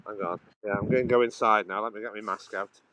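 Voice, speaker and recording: A man's voice: lowish voice, fairly even intonation, fast, bright, forceful tone, no room sound, poor audio. A man chatting casually on a walking vlog, rambling and restarting his sentences, filming on a handheld phone outdoors and then inside a coffee shop. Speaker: vlogger.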